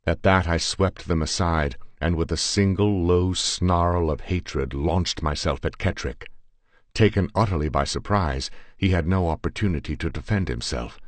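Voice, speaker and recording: Man, audiobook reader, very low voice, dry studio sound, measured, grave narration. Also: no room sound. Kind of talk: scripted narration of a horror tale.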